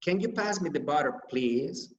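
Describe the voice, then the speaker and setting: A man whose first language is Spanish, teaching English grammar from slides, slowly repeating example sentences and stressing key words. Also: fairly high pitch, lively intonation, highs cut off, a little hiss or hum. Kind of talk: slide-based grammar lesson. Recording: echoey room.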